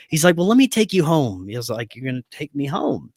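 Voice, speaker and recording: A man's voice: on the high side, a little fast, dry recording, clean studio sound. A man telling a personal story as a podcast guest, acting out the voices of people in it and laughing often. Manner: animated storyteller who acts out dialogue, laughs often. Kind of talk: storytelling in a casual interview.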